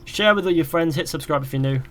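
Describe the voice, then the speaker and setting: A man's voice: fairly high pitch, fast, a bit bright. A young man streaming a game live, chatting casually and reading viewers' questions aloud before rambling through his answers. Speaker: gaming streamer.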